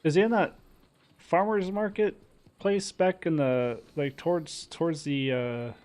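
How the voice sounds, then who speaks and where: A man roleplaying a frontiersman in a casual, halting way, often trailing off mid-sentence. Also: a little high, a little mellow. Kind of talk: in-character roleplay chat.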